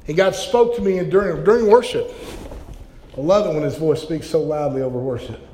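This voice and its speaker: A male pastor delivers a heartfelt sermon with a fairly high voice, often stumbling over repeated words as he builds momentum. His voice rings with the long reverb of a church hall. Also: fairly quick, warm tone, slight background noise. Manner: impassioned, stammering repeats.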